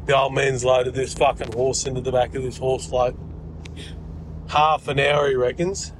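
An Australian man tells a rambling story in a voice message, swearing nearly every breath. Faint traffic noise sits behind his ordinary mid-pitched voice. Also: level tone, normal speed. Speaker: caller sending a voice message.

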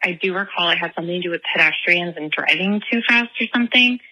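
A woman's voice: lowish voice, quick pace, pushed and bright, poor audio. A young woman from the Chicago area leaving a rambling voicemail, telling a story with frequent giggles. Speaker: voicemail caller. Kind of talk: voicemail anecdote.

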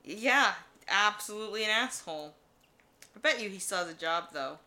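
A woman's voice: mid-range voice, animated, normal speed, pushed and bright. A woman co-hosting a podcast in casual chat, making dry, blunt remarks. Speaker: podcast co-host.

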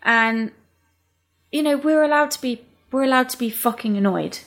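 Woman, kinda high voice, blunt and sweary. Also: moderate pace, fairly bright tone. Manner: candid, swears freely. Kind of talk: casual podcast chat.

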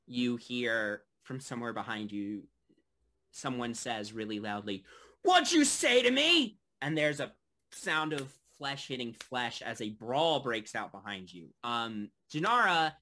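Give me a man running a tabletop game, bright tone, loose and halting. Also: mid-range voice. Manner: loose, halting narration with many fillers. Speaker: game master.

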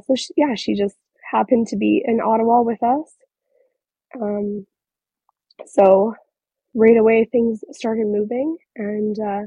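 A woman in her thirties, a guest telling a personal story in an interview, speaking haltingly with many fillers. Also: mid-range voice, warm tone, breathy edge, dry recording. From Northern Ontario, Canada. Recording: slightly muffled recording.

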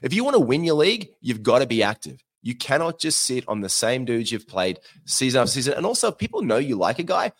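Australian man, young adult, podcast host, animated pitch, chatty coaching tone. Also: fast talker, hardly any pauses. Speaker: fantasy basketball podcast host. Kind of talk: casual advice talk.

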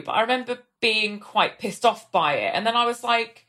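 A woman in her thirties with a mid-range voice sounds animated, brisk, bright and forceful. Appearing as a guest in a casual podcast chat, she tells long, rambling anecdotes and acts out the voices of the people in them.

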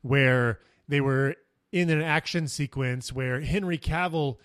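A man co-hosting a casual movie review podcast, recapping scenes with excitable storytelling. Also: mid-range voice, slow pace, no echo, clean studio sound. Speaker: podcast co-host.

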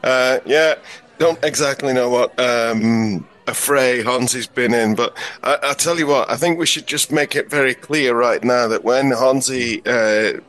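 A man's voice: mid-range voice, a little slow, a bit bright. A male comedy radio host chats casually in a mid-range voice. He rambles and hesitates with fillers as he explains. His delivery is loose and unscripted. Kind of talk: casual chat.

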